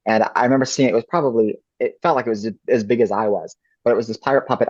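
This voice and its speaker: Low-voiced man, dull lo-fi recording. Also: dry recording. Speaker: ventriloquist guest. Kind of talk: casual interview answers.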